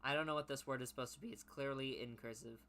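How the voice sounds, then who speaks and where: A man's voice: medium pitch, fairly even intonation, fast, pushed and bright, slight background noise. A man reading his old teenage story aloud and mocking it with sarcastic, profane commentary. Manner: sarcastic, self-mocking, swears.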